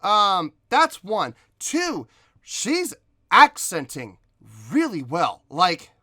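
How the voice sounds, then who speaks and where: A man's voice: sits high, wildly swooping pitch, extremely slow, pushed and bright, dry recording, clean studio sound. A man hosting a music reaction video, explaining vocal technique in analytical commentary and sometimes scatting rhythms to show his point.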